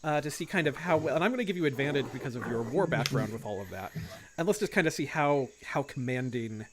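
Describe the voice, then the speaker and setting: A man's voice: medium pitch, animated, fast talker, crowd noise. A man running an online tabletop game as game master, narrating loosely with lots of "like" and "kind of". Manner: loose and rambling, full of "like" and "kind of".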